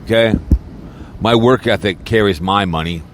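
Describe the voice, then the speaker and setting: A man's voice: lowish voice, moderate pace, fairly bright tone, slight background noise. A man podcaster in a rambling, crude and mocking casual rant, talking from a car. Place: in a car, snowy weather.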